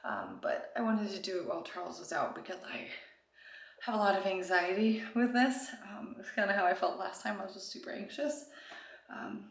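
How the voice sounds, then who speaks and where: A woman vlogging in a rambling, chatty way, full of "like" and "um", sometimes dropping to hushed asides. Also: medium pitch, lively intonation, normal speed, vocal fry. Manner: rambling and chatty, heavy use of "like" and "um". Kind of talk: casual confessional vlog. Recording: echoey room with background music.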